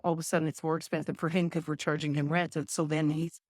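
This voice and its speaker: A woman's voice: low-pitched, level tone, quick pace, darkish tone, no room sound, studio quality. A woman who runs a festival, speaking frankly on a live conference panel. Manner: frank, plain-spoken, with restarts. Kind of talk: casual panel discussion.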